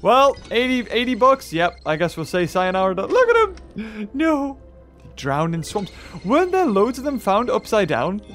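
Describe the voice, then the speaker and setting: A man hosting a let's-play, rambling excitably as he thinks aloud and corrects himself. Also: high-pitched, moderate pace, faint music behind. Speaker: gaming channel host. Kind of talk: let's-play game commentary.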